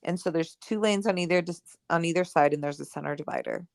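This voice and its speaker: Gravelly-voiced woman telling a story. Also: fairly low pitch, fast, dry recording, studio quality. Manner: animated, acts out quoted dialogue, many "like" and "right?". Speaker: podcast co-host. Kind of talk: casual storytelling chat.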